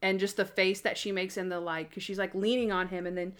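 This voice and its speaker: A woman's voice: mid-range voice, flat delivery, a little fast, a bit bright, smooth. A woman chatting casually as a podcast co-host, recapping a TV episode and acting out the scenes in quoted voices.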